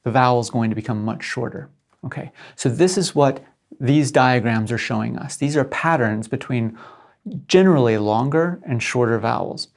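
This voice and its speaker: A middle-aged professor lectures at normal speed in a medium-pitched voice with a gravelly, creaky edge. He explains things step by step and keeps checking in with his listeners.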